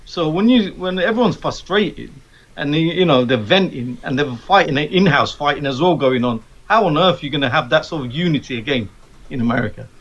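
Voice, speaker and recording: A man with a fairly high voice asking questions in a political panel chat. His remote line sounds dull and muffled. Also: expressive, fairly quick, fairly bright tone, slightly rough. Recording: dull lo-fi call-in.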